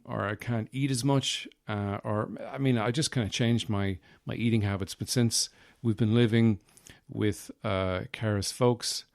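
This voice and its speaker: A man's voice: fairly low pitch, vocal fry, a little mellow, no room sound. A man hosting a podcast in a rambling comic monologue, meandering and self-mocking, with many fillers, on a close mic. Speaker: podcast host.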